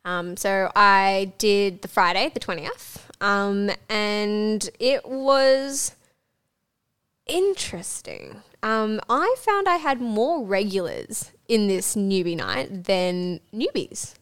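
A woman's voice: mid-range voice, lively intonation, slow pace, a bit bright, clear, resonant tone. A young woman co-hosting a podcast, talking candidly and giggling, with lots of fillers. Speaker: podcast co-host. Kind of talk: casual chat.

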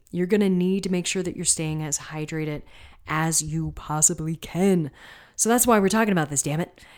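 A woman's voice: lowish voice, a little mellow. A woman hosting a solo podcast as a coach, talking casually with lots of fillers and side remarks. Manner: conversational, frequent fillers and asides.

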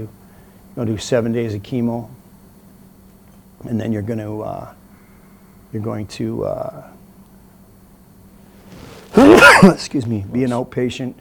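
A man's voice: on the low side, gravelly, a little hiss or hum. A middle-aged man, an interview guest, telling a story casually and acting out the voices of the people in it. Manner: animated storyteller, acts out quoted voices.

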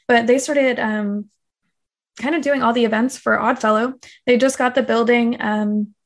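A woman's voice: a little high, steady tone, moderate pace. A young woman as a podcast guest, chatting casually and acting out quotes with lots of fillers. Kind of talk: casual interview chat.

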